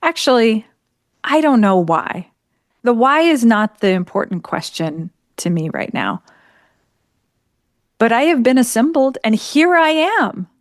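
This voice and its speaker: Slow, contemplative woman podcast host. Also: fairly high pitch, big pitch swings, dry recording, clean studio sound. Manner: slow, contemplative, thinks aloud. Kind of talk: reflective conversation.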